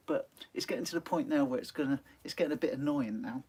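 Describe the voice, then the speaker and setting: A man hosting a live fishing stream, chatting casually and reading out viewer comments, laughing often and filling pauses with "um". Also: medium pitch, darkish tone, slightly rough. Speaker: sea angling channel host. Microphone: phone.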